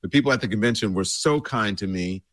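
A man with a low voice and a scratchy, cold-roughened throat talks casually to his viewers. He rambles and leans on fillers as he hosts, and the recording is dry and close. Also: fast, a bit bright, dry recording. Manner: loose and rambling, many fillers. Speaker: show host. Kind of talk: casual address to a livestream audience.

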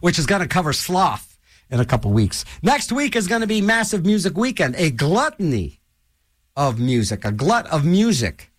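Rambling, animated older radio DJ. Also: male voice, normal speed, no room sound, clean studio sound. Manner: animated, rambling, jokey, restless pitch swings. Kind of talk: rambling radio host chat. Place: radio studio.

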